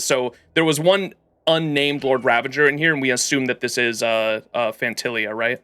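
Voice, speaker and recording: A man's voice: mid-range voice, steady tone, moderate pace, bright, forceful tone, smooth. A man streaming a story game, chatting casually with his viewers and reading the lore text aloud in a rambling way.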